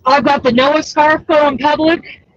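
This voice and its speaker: Excitable high-voiced woman, dull lo-fi sound. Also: a little slow, no room sound. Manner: chatty and excitable, exclaims often. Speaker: crochet pattern designer and host. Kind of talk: casual livestream chat.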